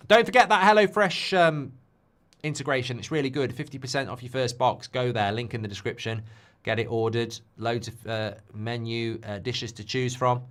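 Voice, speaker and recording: Hosting a live football watchalong, a man chats off the cuff and responds to viewers' requests. He talks at a normal speed, his medium-pitched voice a touch bright.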